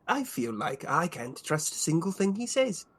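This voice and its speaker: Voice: medium pitch, very animated, normal speed. A player voicing a fussy, eager male adventurer in a tabletop game, talking in a flustered, rambling way.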